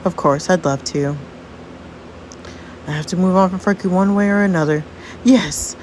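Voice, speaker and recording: A woman's voice: on the low side, moderate pace, a little mellow, a little hiss or hum, lightly acted. Woman voicing Bonnie, a resigned teenage girl. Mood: polite. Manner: polite, resigned.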